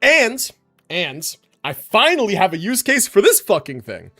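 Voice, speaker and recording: A young man streaming a game, talking casually and excitedly, often laughing and swearing. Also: sits high, measured pace, faint music behind. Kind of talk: casual livestream commentary.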